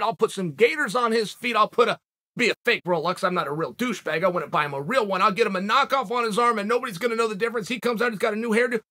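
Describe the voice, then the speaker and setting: A sports podcast host talks casually in a monologue, his voice high, bright and tense. He drives each point home with short, emphatic, rhetorical lines in a punchy delivery.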